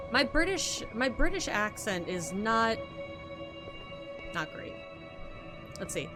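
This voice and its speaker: A woman's voice: a little high, sing-song, slow pace, long pauses, music in the background. A woman streamer giving casual, joking gameplay commentary and swearing now and then.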